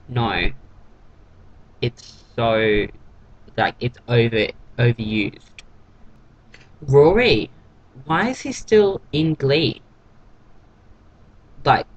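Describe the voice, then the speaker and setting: A man's voice: medium pitch, low-quality recording. A man giving a casual, gossipy vlog recap of a TV episode in a catty, sarcastic way. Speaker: TV episode reviewer.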